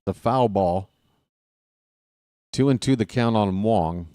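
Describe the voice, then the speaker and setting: Low-voiced Baltimore man calling baseball. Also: slow, no echo, studio quality. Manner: excited fan rooting for his team. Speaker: play-by-play announcer. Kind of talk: solo baseball play-by-play commentary.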